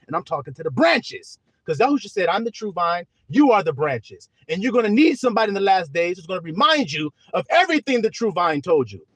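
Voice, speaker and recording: Animated high-voiced preacher man. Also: slightly rough, no room sound. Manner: swings from soft talk to shouting, drawls out scripture. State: teary. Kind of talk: livestream sermon.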